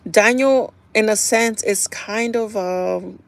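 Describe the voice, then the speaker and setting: A woman's voice: medium pitch, takes it slowly. Chatty woman streamer recapping a show. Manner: chatty and animated, full of "like" and "kinda"; laughs often while retelling. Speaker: live streamer. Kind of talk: casual chat recapping a TV episode.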